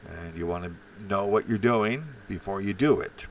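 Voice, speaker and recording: Low-voiced man ranting, distant from mic. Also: normal speed, a little hiss or hum. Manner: profane, rambling, many fillers and restarts. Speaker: live stream host. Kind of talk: rambling live-stream monologue, reading chat.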